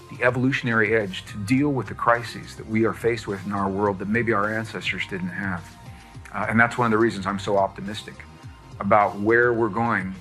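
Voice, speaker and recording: A man giving a lecture-style talk, explaining in a measured, deliberate way. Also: fairly low pitch, a bit bright. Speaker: speaker on science and spirituality.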